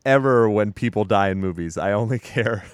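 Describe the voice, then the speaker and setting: A man recaps a film with a podcast co-host's easy, profane energy. His voice sits low and sounds smooth and resonant, and the recording is dry and close with no room around it. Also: moderate pace, no room sound. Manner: profane, animated retelling with acted quotes. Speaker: podcast co-host. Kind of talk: casual movie recap chat.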